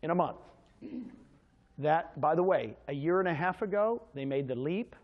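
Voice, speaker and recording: A man giving an energetic, motivational sales presentation at a real estate agents' meeting, quizzing his listeners with questions. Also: on the high side, normal speed, narrow, tinny audio.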